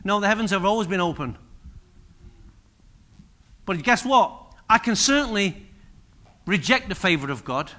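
A man preaching with a high, bright, forceful voice. He swings between quiet asides and loud, emphatic bursts as he acts out scripture. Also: unhurried, pauses often. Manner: energetic preaching, voices biblical figures with sudden loud rises. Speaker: pastor. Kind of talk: sermon.

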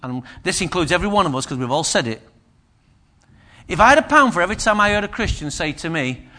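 A man's voice: high voice, animated, fast talker, bright, forceful tone. A man preaching a sermon, conversational and humorous with emphatic turns.

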